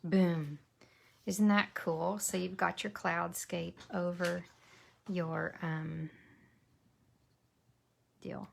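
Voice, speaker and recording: A woman demonstrates a papercraft project in a casual tutorial, chatting and thinking aloud, sometimes dropping to a whisper as she concentrates. Her voice is on the low side, level and gravelly, with drawn-out words and long pauses. There is slight background noise.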